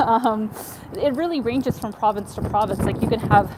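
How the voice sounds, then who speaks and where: A woman's voice: a little high, normal speed. A woman from Ukraine, a travel vlogger, chatting upbeat on a walking live-stream while reading out viewer messages. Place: outdoors in a winter city, on a footbridge. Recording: outdoor phone stream with clear street noise. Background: street ambience, passers-by, accordion player.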